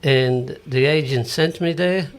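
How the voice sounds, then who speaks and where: An older man with a Maltese accent chats on radio about his singing career. He tells stories in a relaxed, casual way and acts out the dialogue he remembers. His voice sits in an ordinary middle pitch. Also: takes it slowly, clean tone. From Malta. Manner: storytelling, acting out quoted dialogue. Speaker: entertainer and singer.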